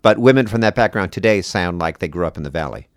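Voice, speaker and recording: A man in casual conversation about acting and accents, animated and quick to laugh. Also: low-pitched, no echo, studio quality. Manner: animated, laughs often, mimics voices in passing. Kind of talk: casual chat.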